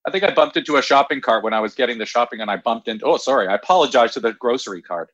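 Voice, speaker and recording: Brief: Canadian man, co-host, relaxed talker, dry, muted studio sound. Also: medium pitch, rapid-fire, dry recording, highs cut off. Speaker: podcast co-host. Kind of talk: casual chat.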